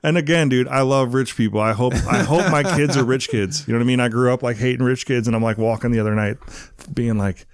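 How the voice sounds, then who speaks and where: A man's voice: mid-range voice, fast talker, dry recording, studio quality. A man speaking as a podcast guest, laid-back and slangy, often calling the host "dude". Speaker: guest, donut shop owner. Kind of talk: casual interview chat.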